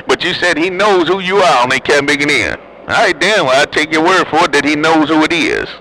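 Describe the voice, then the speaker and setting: Over a CB radio, a man chats with other drivers and teases them in slangy, joking banter. His voice is a little high and bright, with a forceful tone and a moderate pace. The recording is low quality, with a little hiss or hum.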